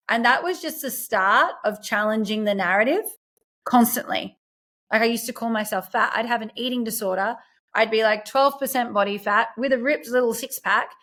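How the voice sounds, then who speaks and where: Earnest woman coach with a high voice. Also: a bit bright. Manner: earnest, reflective, quotes her own inner voice. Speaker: guest, self-empowerment coach. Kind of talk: podcast interview conversation.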